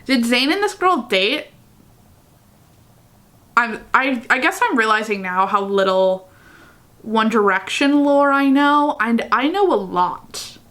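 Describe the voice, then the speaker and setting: A woman's voice: a little high, slow pace, pauses often, a bit bright. A woman vlogger reading fan fiction aloud in a casual way, breaking off into chatty, giggly asides. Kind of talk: casual reading vlog with commentary.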